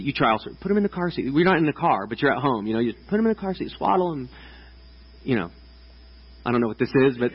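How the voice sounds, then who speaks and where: Man, 30s, pastor, casual sermon, husky tone, muffled recording. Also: mid-range voice. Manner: casual, chatty preaching with many "like"s and restarts. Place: church stage before a congregation.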